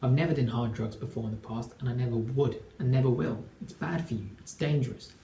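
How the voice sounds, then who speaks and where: A man's voice: mid-range voice, brisk, warm tone, a little hiss or hum. A man in his twenties, a relationship coach, telling a personal story to camera in an earnest, emphatic way. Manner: earnest and emphatic, acts out quoted dialogue. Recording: echoey room.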